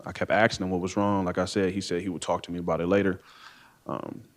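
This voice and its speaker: A man with a somewhat low voice tells his side of events from the witness stand. His speech is hesitant and meandering, full of ums and repeated "I don't know"s. He is heard through the courtroom's stand microphone. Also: level tone, quick pace. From Ohio, USA. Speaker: defendant testifying. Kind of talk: courtroom testimony.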